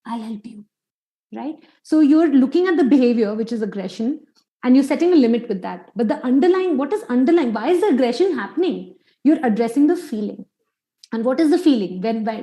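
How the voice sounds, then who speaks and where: A parenting coach explains over a video call, posing rhetorical questions as she goes. Her voice sits a little high and sounds warm and soft rather than bright. She talks in an easy, unscripted way with some fillers. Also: low-quality recording. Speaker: clinical psychologist and parenting coach. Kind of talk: webinar talk answering a question.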